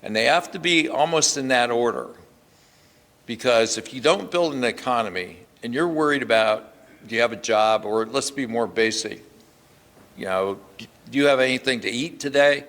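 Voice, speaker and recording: A man's voice: mid-range voice, moderate pace, fairly bright tone. An older man, a state senator, gives a plainspoken, emphatic speech at a podium in a hotel event hall, restarting his sentences often. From Pennsylvania. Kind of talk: speech at a press club luncheon.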